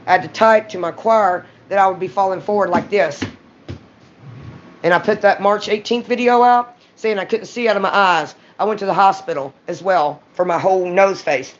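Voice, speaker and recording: A woman's voice: medium pitch, slight background noise. Blunt Southern woman venting to camera. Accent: Southern US (Mississippi). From Mississippi, US. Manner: rambling, blunt, profane, bursts of raised voice. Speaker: vlogger. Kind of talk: raw confessional monologue to camera. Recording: dull lo-fi recording.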